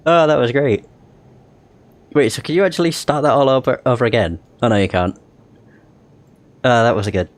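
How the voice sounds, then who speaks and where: A man streaming a role-playing game, reading its text aloud and reacting with frequent laughs and excited asides. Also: medium pitch, unhurried, long pauses.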